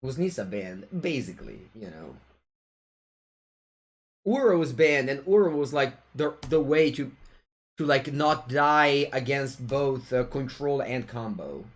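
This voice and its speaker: A man's voice: medium pitch, lively intonation, measured pace. A man with an Italian accent commentating his own card game live, playful and chatting with viewers as he taunts his opponent. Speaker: streamer and card game player. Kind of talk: live-streamed gameplay commentary.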